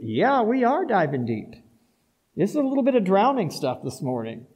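A man with a high voice preaches a sermon as a pastor. He drives his points home with rhetorical questions, dropping into soft asides and then rising to loud, emphatic declarations. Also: wildly swooping pitch, normal speed, low-quality recording.

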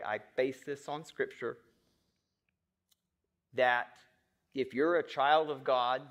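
Preaching to his congregation, this male pastor alternates between soft, subdued lines and loud, insistent ones, addressing questions directly to the listeners.

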